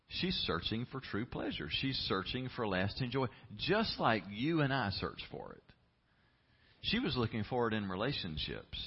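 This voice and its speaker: A man's voice: medium pitch, husky, dull audio. A man preaching a sermon as pastor, telling a story and building to passionate emphasis.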